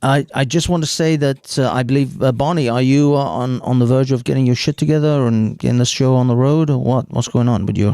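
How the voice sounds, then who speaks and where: A man's voice: mid-range voice, steady tone, a little fast, few pauses, dark tone, smooth, no room sound. A man hosting a casual livestream panel chat, joking and teasing. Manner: joking, teasing, with bursts of laughter. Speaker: livestream host.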